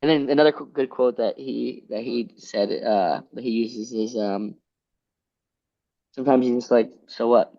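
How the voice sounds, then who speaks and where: A man's voice: medium pitch, fairly even intonation, moderate pace, creaky, dark tone. A man in his late twenties from Pennsylvania, a former wrestler telling stories in an interview, rambling and restarting with lots of fillers. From Pennsylvania, USA. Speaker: guest, former college wrestler. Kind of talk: casual interview storytelling. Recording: slightly dull lo-fi sound.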